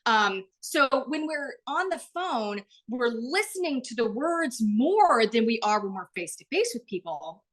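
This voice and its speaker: A woman presenting a live online workshop over a video call, chatty and animated, full of "like" and "um", acting out quoted voices with big jumps in pitch. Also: unhurried, few pauses. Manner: chatty, frequent "like" and "um". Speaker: webinar presenter.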